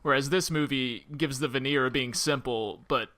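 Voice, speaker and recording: Bright-voiced, laughing podcast co-host man. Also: mid-range voice, moderate pace. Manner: laughs often, blunt and dismissive. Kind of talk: casual film review chat.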